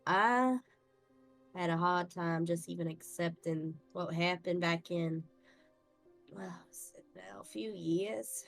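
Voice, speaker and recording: Brief: blunt dwarf parent played by a woman, plain-spoken, a little low. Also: slow, creaky, soft background music. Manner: casual, blunt, swears. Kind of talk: tabletop role-play.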